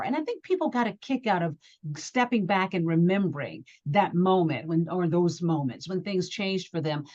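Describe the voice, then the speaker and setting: Middle-aged woman from georgia, lowish voice, dull lo-fi line, chatty animated storyteller. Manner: animated storyteller, acts out quotes. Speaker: journalist and author guest. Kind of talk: interview conversation.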